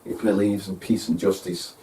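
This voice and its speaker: A solemn, self-appointed grand leader of a secret alliance, as a man puts him on, preaching slowly with long pauses. His voice sits very low and dark. He sounds distant from the mic, with faint noise behind. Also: little pitch movement, lightly acted. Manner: slow, earnest, preachy delivery with pauses.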